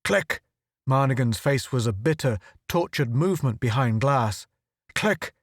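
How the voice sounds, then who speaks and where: A man reading a story aloud as an audiobook narrator, in a steady, measured manner. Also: medium pitch, no room sound, clean studio sound. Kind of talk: scripted narration.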